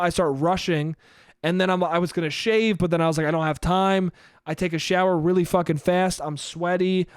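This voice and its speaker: Animated young man telling a story, dry sound. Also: on the high side, clean tone, no room sound. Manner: animated, swears a lot, acts out his own inner thoughts. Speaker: podcast host. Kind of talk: casual storytelling monologue.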